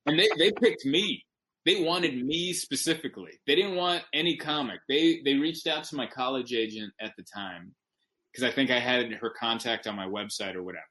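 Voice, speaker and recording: A comedian guesting on a podcast recounts a story in relaxed talk, animated and emphatic, fixing his words quickly as he goes. He has a medium-pitched voice, and there's slight background noise.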